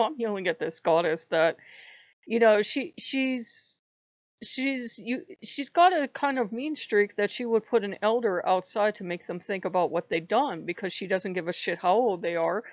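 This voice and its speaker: A woman's voice: medium pitch, normal speed, no room sound. A middle-aged woman hosting her channel, telling a heated, exasperated story in a casual monologue. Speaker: channel host. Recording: dry, dull lo-fi recording.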